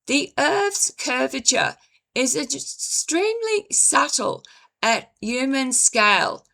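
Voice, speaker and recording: A woman reading a slow, measured commentary script, her voice dry and now and then stumbling over words. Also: sits high, creaky, pushed and bright. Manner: measured, deliberate, apologizes for stumbling. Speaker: commentary video host.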